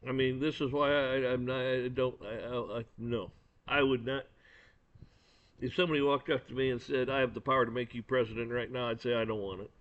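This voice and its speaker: A man's voice: mid-range voice, little pitch movement, fairly quick. A man giving a blunt, profane and angry opinion rant, often stumbling and repeating words. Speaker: commentator. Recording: dull lo-fi recording.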